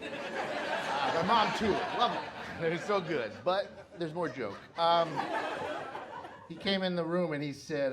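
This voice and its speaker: A man doing a stand-up routine, telling self-mocking stories in an animated way. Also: on the high side, takes it slowly, over a noisy crowd, very noisy. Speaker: stand-up comedian.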